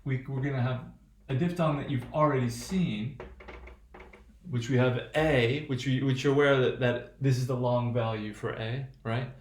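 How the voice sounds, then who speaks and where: Halting teacher in an echoey room. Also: male voice, medium pitch, a little hiss or hum. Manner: halting, checks in with "right?". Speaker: phonetics teacher. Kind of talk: recorded lecture. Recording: roomy echo.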